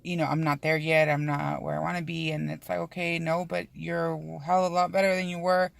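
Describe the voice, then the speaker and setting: Low, gravelly young woman vlogging candidly. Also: little pitch movement, brisk, no echo. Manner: casual, frequent fillers and swearing. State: tearful, emotional. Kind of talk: candid personal vlog.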